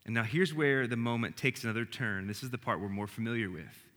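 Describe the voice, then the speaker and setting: A man preaching a sermon as pastor, swinging between emphatic, rising lines and hushed, quiet ones. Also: mid-range voice, a little fast, big-room sound.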